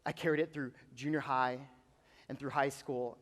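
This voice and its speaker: Earnest young guy preaching to youth, hushed then emphatic, big echoey church hall. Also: medium pitch, fairly even intonation, moderate pace. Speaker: youth pastor. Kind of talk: personal story sermon. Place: church auditorium. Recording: long hall reverb.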